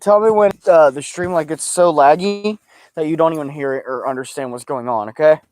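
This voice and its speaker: A man hosting a livestream from his backyard, joking loudly with his viewers. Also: a little high, fairly quick, no echo. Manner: loud, joking, calls out to his audience. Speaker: livestream host. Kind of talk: casual livestream chat. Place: outdoors in a backyard.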